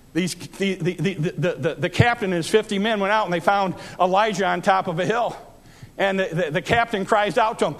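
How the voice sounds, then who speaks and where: High-voiced man preaching a sermon. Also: a little fast. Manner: preaching with rising emphasis, acting out voices in stories.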